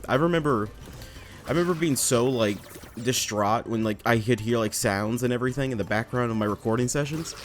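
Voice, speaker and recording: A young man at his home desk mic, talking through a platform game in a loose, rambling way. He trails off and restarts, pokes fun at himself and swears casually, in a voice of ordinary middle pitch. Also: fairly quick, a little hiss or hum. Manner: rambling, self-deprecating, swears often. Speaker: let's play gamer. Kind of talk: casual gameplay commentary.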